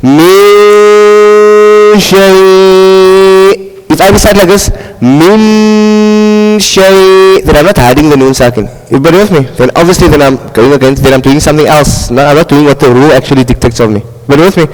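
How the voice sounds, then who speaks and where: South African male recitation teacher, high-pitched, heard in a reverberant hall; interactive classroom delivery. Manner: checks in with students constantly, models slow drawn-out recitation. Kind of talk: classroom tajweed lesson.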